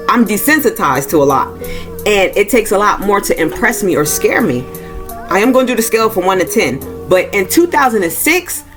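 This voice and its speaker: This is a loose, informal movie review and plot recap by a woman who says "y'all" and voices characters' quoted lines in a raised tone with rising pitch.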